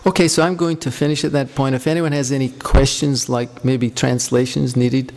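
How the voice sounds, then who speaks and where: A man's voice: mid-range voice, flat delivery, moderate pace. Rambling man telling stories in a hall. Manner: rambling, anecdotal, warm storytelling. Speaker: speaker leading a devotional group. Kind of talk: informal talk with questions.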